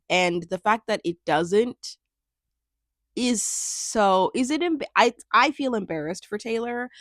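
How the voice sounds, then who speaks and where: A woman's voice: on the high side, dry recording, clean studio sound. A young woman from Minnesota casually recapping a reality show, chatty and sarcastic, laughing often and trailing off mid-thought. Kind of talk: casual chat.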